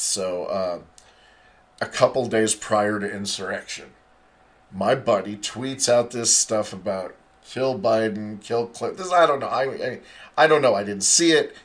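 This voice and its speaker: A man's voice: on the low side, normal speed. A middle-aged man hosting a podcast, telling a rambling, profane story in a casual monologue.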